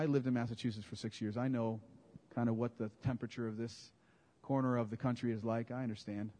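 A man preaching a sermon in a conversational, animated way, often correcting his own words. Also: medium pitch. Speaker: pastor. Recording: long hall reverb.

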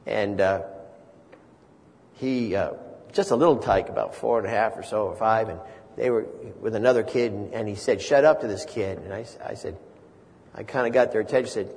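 A man's voice: on the low side, a little fast, a little mellow. A man preaching a sermon, earnest and building to emphatic repeated phrases. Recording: long reverb of a large hall.

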